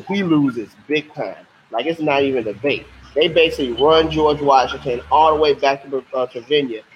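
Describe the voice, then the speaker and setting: Male teacher, slightly high voice, slangy and lively, quizzes the chat, dull lo-fi stream audio. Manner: lively, slangy, asks questions to the class. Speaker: history teacher. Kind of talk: casual livestream lesson. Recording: muffled lo-fi stream audio with faint hiss.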